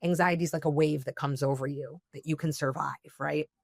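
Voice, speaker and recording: A woman's voice: sits low, fairly even intonation, fairly quick, vocal fry, no echo, clean studio sound. A woman speaking as a therapist guest on a podcast, giving earnest advice and checking in with "okay?" often.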